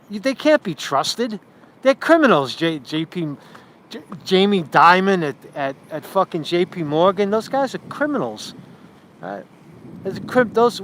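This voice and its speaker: A man's voice: high-pitched, fairly bright tone, slight background noise. Profane, rambling man on a street livestream. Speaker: street reporter and livestream host. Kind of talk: casual livestream vlog. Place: outdoors in a city park.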